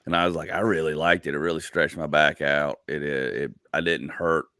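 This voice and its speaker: A man's voice: a bass voice, fairly even intonation, brisk, sharp tone, no echo, clean studio sound. A man in his forties hosting a casual comedy podcast, telling rambling stories full of "like" and acted-out asides. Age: 40s. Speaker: podcast host.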